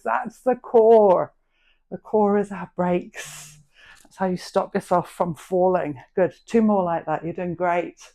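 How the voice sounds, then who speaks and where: Calling out reps and form tips, a middle-aged Englishwoman coaches an online dumbbell workout with encouragement. Her mid-range voice is a little mellow. As a fitness instructor, she stays practical and friendly while guiding people through each move.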